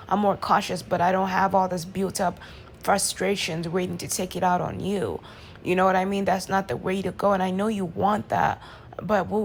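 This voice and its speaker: A woman vlogger talking through her feelings in an impassioned personal monologue, swinging from quiet to loud pleading. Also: medium pitch, gravelly, slight background noise. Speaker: vlogger reacting to a reading.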